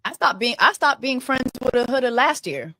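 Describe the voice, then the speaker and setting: A woman's voice: high-pitched, normal speed, dry recording. Sassy woman co-host, dry sound. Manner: sassy, expressive storytelling. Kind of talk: casual commentary chat.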